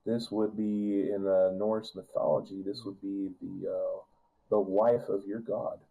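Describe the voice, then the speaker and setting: Guy running a d&d game, gravelly voice, kinda rambly with lots of "like". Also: on the low side, little pitch movement, measured pace, dark tone, rough recording. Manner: rambling, full of restarts and "like". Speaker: game master. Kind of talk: narrating a tabletop game.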